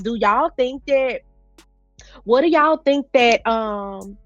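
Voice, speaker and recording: A woman's voice: on the high side, no room sound. A woman vlogger giving a casual, chatty recap of a reality show, talking straight to her viewers with informal slang. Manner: chatty, addresses viewers as "y'all".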